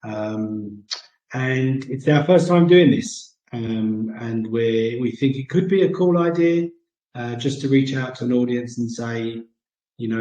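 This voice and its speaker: British man hosting, mellow tone, hesitant and rambling, echoey room. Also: mid-range voice, a little slow. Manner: rambling, many ums and uhs. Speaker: segment host. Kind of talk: casual chat.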